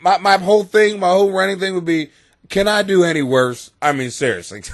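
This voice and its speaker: A man's voice: high voice, fairly quick, dry recording, clean studio sound. A man hosting a show from his basement, ranting bluntly and crudely with a lot of swearing. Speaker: host. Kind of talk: profane comedic rant to camera. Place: home basement.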